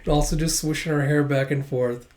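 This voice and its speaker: A man's voice: on the high side, steady tone, fairly quick, darkish tone. A man casually reading through a manga chapter, laughing often and retelling it with animation. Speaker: manga reader and reviewer.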